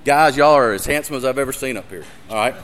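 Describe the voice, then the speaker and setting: A man's voice: medium pitch, quick pace, fairly bright tone, a faint crowd. A man giving an earnest sermon with a live demonstration, speaking directly to his audience and growing emotional. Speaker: ministry speaker.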